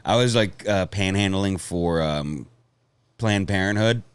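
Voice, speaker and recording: A man with a low voice tells long, rambling stories, swearing freely along the way. He speaks in casual podcast chat. The sound is dry and close to the mic. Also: measured pace, clear, resonant tone, no echo. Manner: rambling storytelling, laughs often, swears. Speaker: comedian guest.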